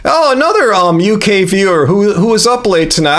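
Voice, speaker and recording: A man in his fifties chats loosely to his livestream viewers. His voice sits fairly high, and he rambles along with lots of fillers and restarted sentences. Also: sing-song, brisk, hardly any pauses, a bit bright. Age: 50s. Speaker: livestream host. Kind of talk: casual livestream chat.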